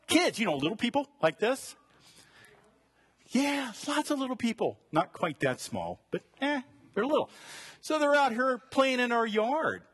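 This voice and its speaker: Man preaching, middle-aged, husky voice, animated, joking, loud then hushed, church sermon. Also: a little high. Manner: animated, joking, shifts between loud bursts and quiet prayer. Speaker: pastor. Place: church sanctuary.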